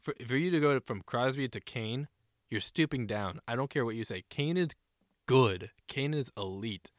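A man chats about the week's games in an easygoing, excitable way. He swears now and then and slips into quick impressions of players. His voice sits at a middle pitch and sounds dry and close to the mic. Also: dry recording. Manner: animated, profane, acts out players with shouted quotes. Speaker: co-host. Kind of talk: casual sports chat.

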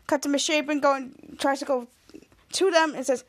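Rambling high-voiced woman podcast host. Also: steady tone, quick pace. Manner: rambling retelling with many restarts, acting out lines. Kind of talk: casual episode recap.

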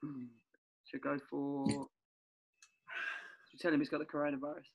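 A man's voice: a little high, monotone, normal speed, vocal fry, low-quality recording. A man co-hosting a podcast, chatting loosely, laughing and swearing as he plans prank calls. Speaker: podcast co-host. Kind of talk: casual podcast banter.

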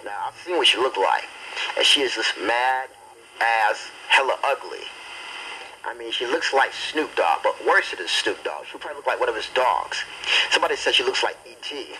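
Hyped, sharp-voiced amateur DJ man. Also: mid-range voice, moderate pace, slight background noise, rough recording. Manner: hyped, repetitive, trash-talking banter; loud and excitable. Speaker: amateur DJ host. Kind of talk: homemade party-line show on tape.

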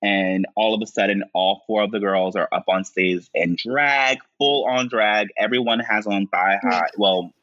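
A man talks through a TV scene at a slow, halting pace, full of "um" and "uh". His voice is bright and forward, and the sound is dry and a little dull. He often jumps up in pitch to quote the characters. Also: dry recording. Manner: slow, halting recap with frequent fillers and high-pitched quoted lines. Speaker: podcast co-host recapping a show. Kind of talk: casual chat, acting out scene dialogue.

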